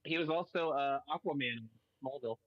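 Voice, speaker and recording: A man's voice: mid-range voice, dry recording. Chatty man on a dull lo-fi mic. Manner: chatty trivia talk, quick to agree. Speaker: podcast co-host. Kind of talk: casual chat.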